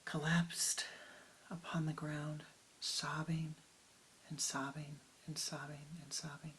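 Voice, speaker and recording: A woman's voice: low-pitched, flat delivery, slow, a bit bright, a little hiss or hum, poor audio. A woman spiritual teacher telling a story dramatically in a dharma talk, often in a half-whisper.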